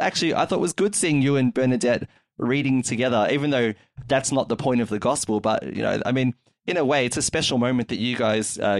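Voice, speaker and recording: A man's voice: fairly low pitch, a little mellow, no echo, studio quality. A man hosting a casual chat podcast, chatty and full of fillers, retelling events. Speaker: podcast host.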